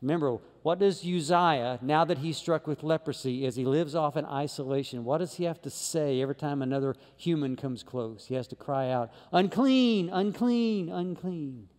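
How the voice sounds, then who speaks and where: A man preaching a sermon as pastor, swinging between loud emphatic lines and low quiet ones. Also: brisk, few pauses, big-room sound. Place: church sanctuary.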